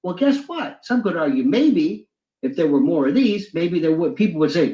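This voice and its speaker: A man's voice: on the high side, very animated, normal speed, mellow. A man talking animatedly about free speech and the law, acting out quotes and courtroom exchanges. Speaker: commentator in a played clip. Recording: roomy, dull lo-fi sound.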